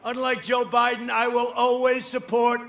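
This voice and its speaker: A man with a fairly high-pitched voice gives a campaign rally speech, drifting from point to point with repeated asides and tag questions like "right?" He talks in an emphatic, boastful way and breaks into loud bursts. The feed sounds a little dull and lo-fi, with a faint hiss of noise underneath. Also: completely flat delivery, moderate pace, vocal fry. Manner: rambling, repetitive, full of asides and tag questions to the crowd. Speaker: political candidate addressing a rally crowd.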